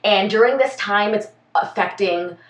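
Woman, podcast co-host, casual and rambling, mid-pitched, distant mic, roomy sound. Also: unhurried. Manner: loose and chatty, lots of fillers and self-corrections. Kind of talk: casual chat, recounting a case from notes.

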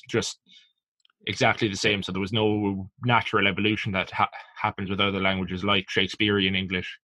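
A man's voice: on the low side, flat delivery, moderate pace, sharp tone, no echo. A young adult Irish man co-hosting a podcast, chatting loosely with lots of "like". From Ireland. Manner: loose, conversational, with frequent "like". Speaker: podcast co-host. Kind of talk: casual chat.

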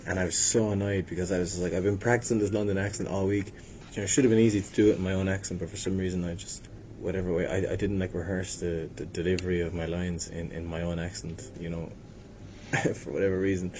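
A man's voice: flat delivery, fast, darkish tone. A young man from Limerick with an Irish accent, chatting casually about his acting work, rambling and self-deprecating with many restarts. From Ireland. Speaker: actor guest. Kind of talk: casual interview chat. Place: hotel venue. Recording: noisy with low rumble.

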